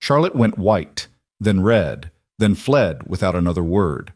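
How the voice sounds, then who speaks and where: Low voiced guy reading a story, steady, dry close sound. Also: measured pace, no echo. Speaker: narrator. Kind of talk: scripted story narration.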